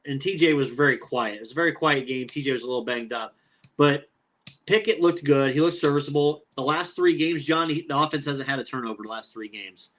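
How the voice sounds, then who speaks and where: A man's voice: mid-range voice, a little fast, a bit bright. A man in his thirties co-hosting a sports podcast, talking trash about a rival team's fan in casual chat. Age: 30s. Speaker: podcast co-host.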